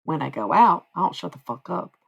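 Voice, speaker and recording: Woman, livestream chat, husky raspy voice, blunt swearing, joking at herself. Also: low voice, animated, fairly quick, muffled recording. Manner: candid, profane, self-mocking. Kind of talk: casual stream chat.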